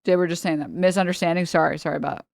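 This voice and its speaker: A woman's voice: on the low side, steady tone, rapid-fire, vocal fry, a little mellow, no room sound, clean studio sound. A woman streamer in a casual reaction stream, ranting heatedly with a lot of swearing and talking straight to her chat. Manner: heated, profane, exasperated ranting.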